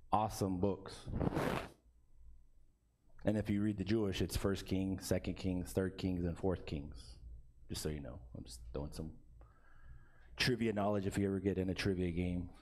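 A man's voice: lowish voice, a little mellow. Man preaching with "right?" asides. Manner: asks the congregation "right?" often, with bursts of laughter. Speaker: pastor. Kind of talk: conversational sermon. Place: church sanctuary.

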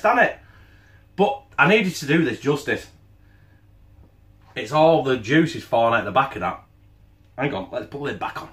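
Sweary, lively man. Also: a little high, normal speed. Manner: blunt, sweary, jokey banter; talks with his mouth full while tasting. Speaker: cooking channel host. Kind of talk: casual cooking vlog chat. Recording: echoey room.

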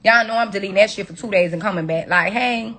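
A woman's voice: medium pitch, fast talker, sharp tone. A woman on a phone livestream, delivering a profane, confrontational scolding rant at her viewers. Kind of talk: angry rant on a social media livestream.

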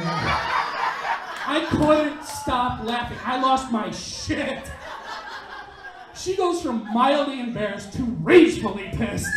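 A man's voice: extremely high pitch, background noise. A man performing stand-up comedy on a club stage, telling a crude story in a brash, punchy way. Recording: echoey club heard from a distance. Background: audience laughter.

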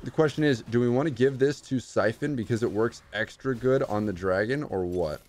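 A young man streaming live gameplay commentary, excitable, swinging from low mutters to shouts. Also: fairly quick.

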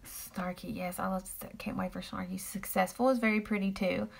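A woman's voice: mid-range voice, fairly even intonation, moderate pace, vocal fry, breathy edge. A woman chatting casually with viewers on a live stream while she applies makeup and talks about the products. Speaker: makeup seller doing a live demo.

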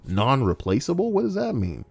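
A man's voice: mid-range voice, huge pitch swings, normal speed, creaky, husky, dry recording, soft background music. A young man casually reading out forum posts, rambling and sarcastic, with frequent swearing. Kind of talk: casual reaction commentary.

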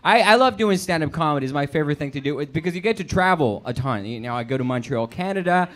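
A man's voice: a little high, expressive. Colombian man doing stand-up. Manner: quick asides and put-on voices for quoted people. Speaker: stand-up comedian. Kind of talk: stand-up set. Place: comedy club stage with audience.

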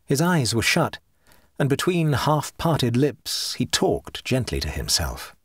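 A husky-voiced man narrates a ghost story as an audiobook. His reading is measured, and his pitch moves freely through each sentence. The recording is dry and close, with no room sound. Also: dry recording. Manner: measured, expressive reading that drops low for speech tags.

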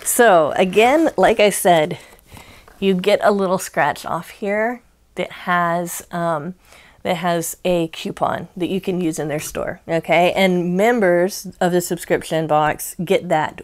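A woman hosting a casual crafting unboxing vlog, talking in a chatty, rambling way with many ums and easy laughs. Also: lowish voice. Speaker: crochet channel host.

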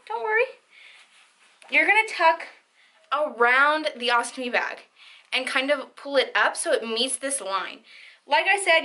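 A woman's voice: high voice, sharp tone. A young woman vlogging casually to camera from a bedroom at home, chatty and reassuring, with frequent "um" and "like". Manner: chatty and reassuring, says "um" and "like" often. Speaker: lifestyle vlogger.

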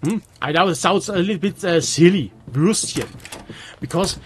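A man with a Swiss German accent, a native Swiss German speaker, giving halting gameplay commentary in English with many restarts. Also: sits high, slight background noise. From Switzerland. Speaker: let's player.

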